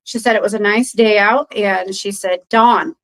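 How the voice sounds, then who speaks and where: A mid-range-voiced woman speaking at a moderate pace shares a rambling story as a podcast guest. Fillers abound, she dramatizes other people's quoted words, and the audio is poor.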